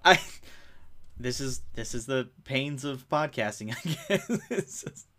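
A man co-hosting a casual podcast, recapping a film in an animated, rambling way and laughing often. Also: mid-range voice, takes it slowly. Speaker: podcast co-host. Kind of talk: casual chat. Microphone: remote call.

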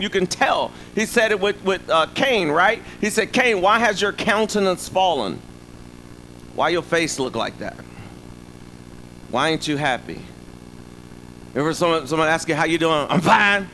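A man delivers a sermon in a high, bright voice. He talks in an animated, humorous way, throwing asides to the congregation, with faint noise in the background. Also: low-quality recording. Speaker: preacher.

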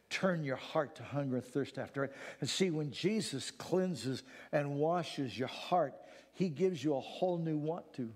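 A man preaching a sermon. He swings from hushed, solemn passages to fervent near-shouting. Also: a little high, animated, measured pace, big-room sound.

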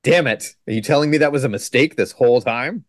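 A man on a podcast, recapping a movie in casual, joking chat and tossing in quick mock quotes. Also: medium pitch, no room sound, studio quality. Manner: joking, sarcastic, quotes scenes in quick put-on lines. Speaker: podcast co-host.

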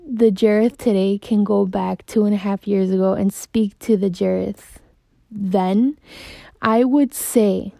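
Slow, gravelly-voiced woman podcaster. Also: medium pitch, fairly even intonation, mellow, dry recording, clean studio sound. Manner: slow, heartfelt and emotional. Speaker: podcast host. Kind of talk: reflective personal podcast monologue.

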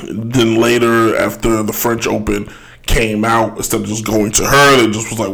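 A man giving casual solo commentary as a podcast host, rambling and correcting himself, with a throaty voice and frequent throat clearing. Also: lowish voice, little pitch movement, normal speed, fairly bright tone, poor audio. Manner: rambling, self-correcting, laughs often.

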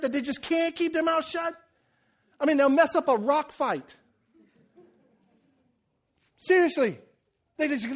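A preacher man with a strikingly high voice, telling the story in an animated way. He cracks jokes and acts out the quotes as he preaches. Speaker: pastor. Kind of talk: sermon.

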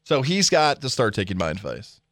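A man's voice: medium pitch, sing-song, brisk, a bit bright, dry recording. A man co-hosting sports radio, teasing his partner in casual banter in a studio. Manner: teasing, joking.

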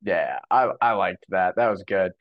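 A man's voice: low-pitched, unhurried, lo-fi sound. A young man co-hosting a podcast, talking in casual, opinionated commentary with many fillers. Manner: animated, opinionated, lots of fillers. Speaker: podcast co-host.

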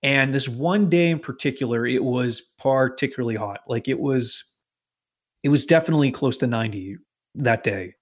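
A man from Massachusetts, speaking at normal speed with a medium pitch, spins a long, profane work story for a casual podcast. He stays animated throughout, mimicking the people involved in put-on voices.

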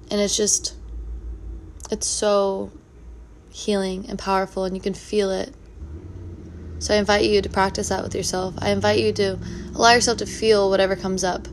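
A woman speaking in an earnest, reflective monologue about healing, repeating gentle affirmations. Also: medium pitch, flat delivery, normal speed, slight background noise. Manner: soft, earnest, repetitive affirmations. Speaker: spiritual speaker.

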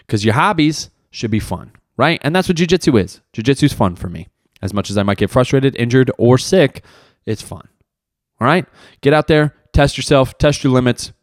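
A man's voice: mid-range voice, dry recording, studio quality. A young man hosting a solo podcast, talking in a rambling, profane, self-mocking way. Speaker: podcast host. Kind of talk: casual solo podcast monologue.

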